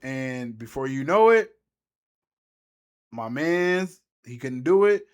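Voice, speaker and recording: A man's voice: medium pitch, expressive, takes it slowly, smooth. A man giving a casual, rambling movie recap as a YouTuber, slangy and trailing off mid-thought.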